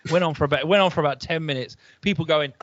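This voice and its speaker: A comedian from England co-hosting a podcast over a video call, rambling through stories and acting out quotes in high voices. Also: male voice, rapid-fire, fairly bright tone. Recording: muffled, dry call audio.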